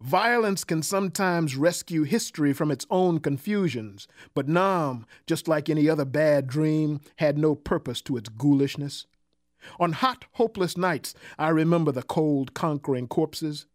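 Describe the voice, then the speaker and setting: A man doing a raspy weary war veteran. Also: on the high side, no room sound, clean studio sound, close to an everyday voice. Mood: somber. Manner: slow, grave, reflective.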